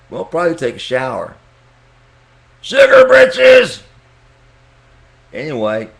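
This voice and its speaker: Rambling, joking man. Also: lowish voice. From Texas, US. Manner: joking, crude, chuckling to himself. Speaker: vlogger. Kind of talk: casual rambling monologue.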